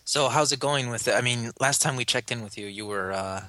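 A man's voice: medium pitch, a little fast, pushed and bright, no echo. A man co-hosting a podcast, teasing and quizzing the others in casual banter. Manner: teasing, quizzing his co-host. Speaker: podcast co-host.

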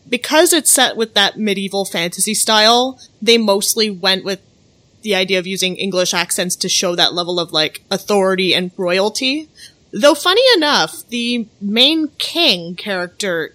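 A woman's voice: mid-range voice, moderate pace, bright, forceful tone. A woman chatting casually on a podcast, sharing enthusiastic opinions. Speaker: podcast panelist. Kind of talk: casual chat.

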